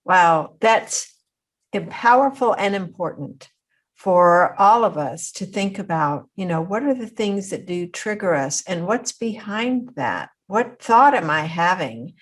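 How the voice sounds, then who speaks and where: A woman's voice: fairly low pitch, lively intonation, a little slow. A woman hosting a podcast interview, thinking aloud in a reflective, conversational way. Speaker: podcast host.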